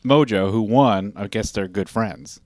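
Low-voiced man, rambling wrestling chat. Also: unhurried, a little mellow, dry recording. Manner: rambling storyteller, lots of fillers and asides. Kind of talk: casual chat.

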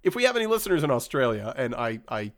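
A man's voice: medium pitch, sing-song. Chatty man co-hosting a podcast. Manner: chatty, halting, with frequent restarts. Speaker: podcast co-host. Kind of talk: casual movie discussion.

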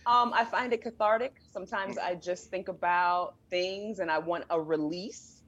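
A woman's voice: on the low side, fairly even intonation, moderate pace, a bit bright, husky, lo-fi sound. A woman talking frankly and easily in a casual podcast chat.

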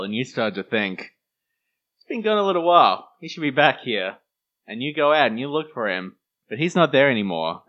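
A man's voice: medium pitch, a bit bright. Australian male co-host, playful, teasing banter. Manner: teasing, playful, builds mock-horror stories. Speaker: podcast co-host. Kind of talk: casual chat.

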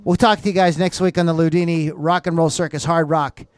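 A man's voice: a little high, steady tone, brisk, clean tone. A man hosting a rock podcast in a loose, rambling, jokey way. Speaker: podcast host. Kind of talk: casual chat.

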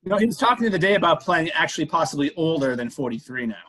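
Dry-spoken man, slightly high voice. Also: big pitch swings, rapid-fire, bright, forceful tone. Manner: dry, short agreeing replies. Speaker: podcast co-host. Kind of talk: casual chat.

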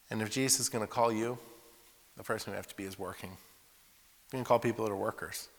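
A man preaching to young people, telling lively stories and asking rhetorical questions. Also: lowish voice, brisk, pauses often. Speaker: preacher at a youth school and camp. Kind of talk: sermon with acted voices. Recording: echoey hall reverb.

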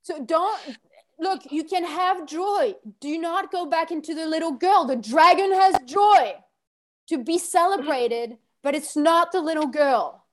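A woman runs the session with a high, bright-set voice. She speaks in terse commands, swears freely and pushes her trainees hard. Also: a little slow. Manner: commanding, gives short orders. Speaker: workshop coach. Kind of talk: directive coaching, blunt and profane.

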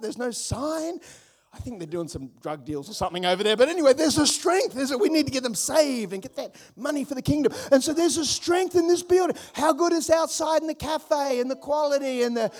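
A man preaching with an Australian accent and a strikingly high voice for a man. He drives his points home through repeated refrains and mixes in joking asides as he talks to his congregation. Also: a little mellow. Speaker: pastor. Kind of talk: sermon. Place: church auditorium.

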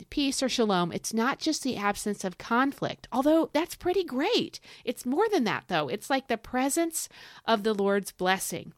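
Young woman, podcast Bible teacher, eager and fired up, low-ish voice, dry close mic. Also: dry recording. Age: young adult. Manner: enthusiastic, building to fired-up preaching bursts. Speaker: podcast host teaching scripture. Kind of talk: devotional teaching.

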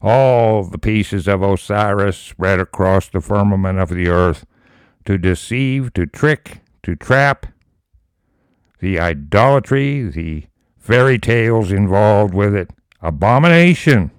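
A low-voiced man reads scripture at an unhurried, deliberate pace, then jumps into emphatic commentary. His voice is smooth and clear, recorded dry and close. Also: no echo. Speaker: Bible study teacher. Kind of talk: preaching Bible commentary.

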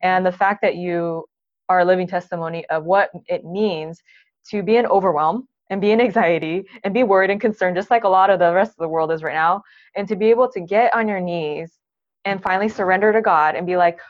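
A woman podcast host talking casually about faith, encouraging and full of fillers. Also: on the low side. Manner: encouraging, fast, filler-heavy. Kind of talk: casual chat. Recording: dull lo-fi sound.

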